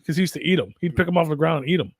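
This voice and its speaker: Co-host, male, gravelly and quick, dry studio sound, sarcastic jokes. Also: on the high side, dry recording. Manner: joking, sarcastic, deadpan. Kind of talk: casual profane banter. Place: radio studio.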